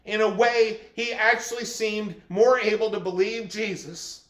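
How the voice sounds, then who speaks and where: A man preaching a sermon as a pastor, reflecting on and explaining scripture in a calm way. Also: high voice, measured pace. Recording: echoey room.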